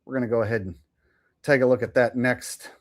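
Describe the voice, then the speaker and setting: A man's voice: mid-range voice, steady tone, a little fast. A man hosting a live stream, who chats loosely in a joking, profane way. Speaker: streamer host. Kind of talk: casual live-stream commentary.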